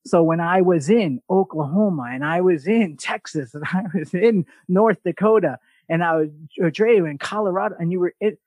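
A man's voice: high voice, moderate pace, few pauses, dry recording. New man telling stories, dry sound. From New York. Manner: animated, mimics other voices in quotes, swears casually. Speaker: podcast host. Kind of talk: casual storytelling chat.

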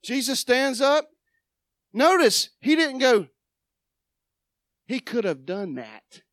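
Woman preacher, slow, dramatic sermon delivery, dry close sound. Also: high-pitched, very animated, no room sound. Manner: dramatic, swings from loud declaring to quiet asides. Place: church sanctuary.

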